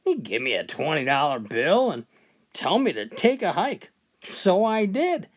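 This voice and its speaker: A woman's voice: sits low, big pitch swings, a little slow, heavily acted. A woman voicing a cheeky, mouthy young boy with blunt punchlines.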